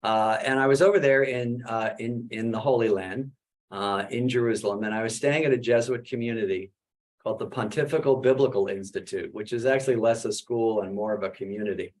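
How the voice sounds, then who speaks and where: A man's voice: mid-range voice, a little fast. Chatty man with many fillers. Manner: conversational, many "uh" fillers, animated questions. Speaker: Jesuit priest and author presenting his book. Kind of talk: webinar talk, storytelling.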